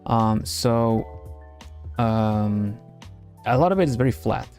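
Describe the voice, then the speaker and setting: A man's voice: fairly low pitch, takes it slowly, a little mellow, faint music behind. A man from Sweden, hosting a casual stream and chatting while drawing, with many fillers and restarts. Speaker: streamer host.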